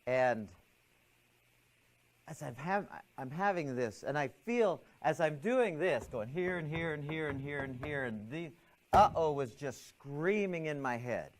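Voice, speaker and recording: A middle-aged man teaching a stress management class, telling a personal story in an animated, expressive way with frequent restarts. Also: fairly high pitch, measured pace, slight background noise.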